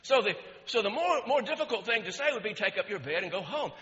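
A high, bright-voiced man preaching with real animation, his delivery climbing toward near-shouts. The sound is muffled and dull, with a long reverb trailing off every phrase in a large church hall. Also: sing-song, fast. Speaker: pastor. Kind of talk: sermon.

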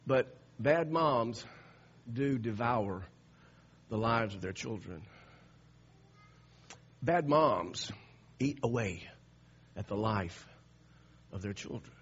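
A man preaching a sermon, telling stories with animated swings between loud and hushed delivery. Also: medium pitch, husky. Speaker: pastor. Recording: dull lo-fi sound.

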